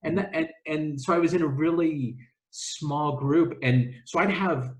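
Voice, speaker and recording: A man's voice: fairly high pitch, unhurried. A middle-aged man, a travel agency owner and podcast guest, telling stories in a casual interview, rambling with many restarts and fillers. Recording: echoey room.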